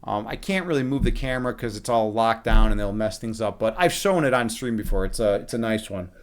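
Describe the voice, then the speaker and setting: A man's voice: lowish voice, lively intonation, a little fast. A man live streaming a chess game, chatting casually from his home setup, rambling with lots of restarts and the odd swear word.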